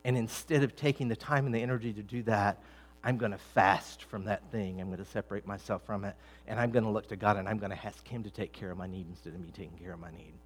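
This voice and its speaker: A middle-aged man preaching a sermon, talking conversationally with many restarts and repeated words, building to emphatic, louder peaks. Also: fairly low pitch, fairly even intonation, fast, husky. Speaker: pastor.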